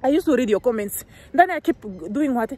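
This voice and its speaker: A young woman from Namibia, a gossip vlogger, delivers a heated, rambling rant straight to her viewers. Her voice sits a little high, and she keeps stumbling into restarts and rhetorical "what"s as she pushes her points. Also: lively intonation, fairly quick, darkish tone. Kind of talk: ranting commentary to the camera. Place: living in Sweden.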